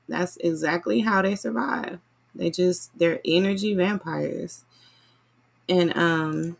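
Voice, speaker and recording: Chatty woman with a gravelly voice. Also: on the low side. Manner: chatty, animated, says y'all often. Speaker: vlogger reviewing a book. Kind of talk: casual chat.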